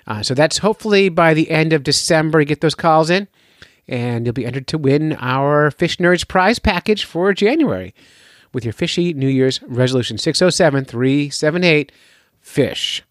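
A man's voice: fairly high pitch, expressive, normal speed, no room sound, clean studio sound. A man hosting a fishing podcast in a loose, jokey, rambling way. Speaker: podcast host. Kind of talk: casual podcast talk.

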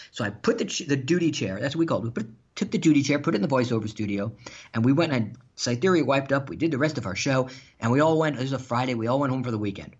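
Man, animated storyteller, husky voice, lively pitch, dull lo-fi sound. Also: very fast. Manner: animated, swearing, laughing while telling. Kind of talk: casual storytelling chat.

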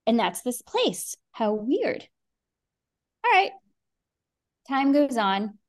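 A middle-aged woman guest on a podcast, telling a story in a lively way, acting out quotes and swearing freely. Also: fairly high pitch, slow. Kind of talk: animated storytelling.

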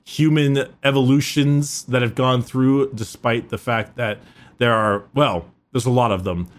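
A man's voice: medium pitch, fairly even intonation, measured pace. Chatty man with a sore throat. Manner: chatty, rambling, quizzing his co-host. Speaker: co-host. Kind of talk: casual chat.

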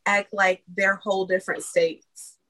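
A woman from North Carolina on a casual group chat, adding short, quick remarks. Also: mid-range voice, level tone, sharp tone, dry recording, rough recording.

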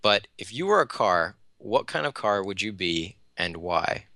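A man's voice: lowish voice, very animated, unhurried, pushed and bright, dry recording, studio quality. A man interviewing a guest, friendly and encouraging in a casual chat.

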